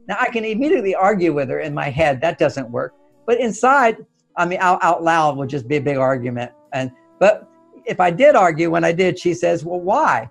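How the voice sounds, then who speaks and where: An older man with a high, gravelly voice tells stories as a guest, acting out the voices of himself and his wife. Faint guitar music plays underneath. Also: lively intonation, normal speed. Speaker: relationship author as guest. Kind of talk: animated storytelling advice.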